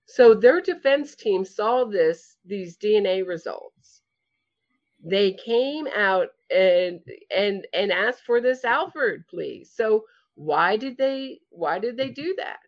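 A woman's voice: medium pitch, animated, takes it slowly. New York woman on lo-fi audio. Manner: chatty, explanatory, with restarts. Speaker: podcast guest. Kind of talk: casual podcast interview. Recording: slightly dull, lo-fi audio.

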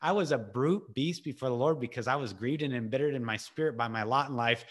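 A man giving an impassioned personal testimony over a video call, earnest and emotional, casual in his wording, moving between raised urgency and hushed intensity. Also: medium pitch. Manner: casual, with filler words and restarts. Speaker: ministry speaker.

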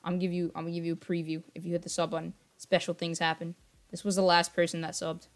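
A young man with a fairly high voice talks fast in a completely flat delivery while livestreaming a game. He chats with viewers in a wandering, distracted way and apologizes often. Now and then he lowers his voice to keep things quiet.

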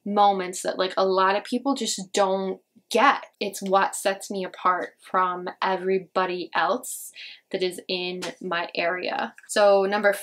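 A woman's voice: medium pitch, little pitch movement, a little slow, fairly bright tone. Chatty young woman with a slight Indiana twang. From northern Indiana, US Midwest. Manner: chatty, rambling, many "like" fillers. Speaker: beauty vlogger. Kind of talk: casual chat to camera.

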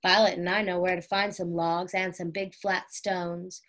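A woman's voice: on the low side, little pitch movement, normal speed, fairly bright tone, close to an everyday voice. Jessie, a sensible motherly girl, read by a woman. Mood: lively. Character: sensible, motherly young girl, the older sister.

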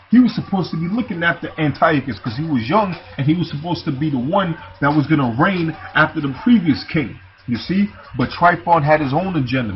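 Man reading scripture over background music. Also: a little high. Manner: casual asides, often says "man" and "you see". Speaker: scripture teacher. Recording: dull lo-fi recording with music behind.

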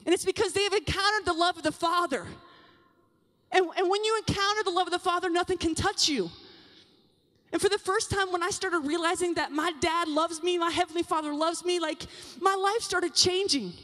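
Young woman giving a talk in a big conference hall, high voice, lots of reverb, chatty and direct with the crowd. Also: a little fast. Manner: animated and confiding, addresses the audience directly. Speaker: conference speaker. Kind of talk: talk to a women's session at a youth conference. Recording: long hall reverb from a large venue.

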